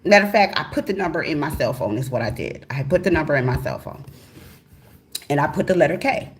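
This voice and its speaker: Woman vlog host, animated storyteller, swears freely, moves from hushed to loud. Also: deep voice, fast talker, noisy background. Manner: animated, profane, swings between hushed and loud. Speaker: tarot channel host. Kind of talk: casual storytelling to viewers.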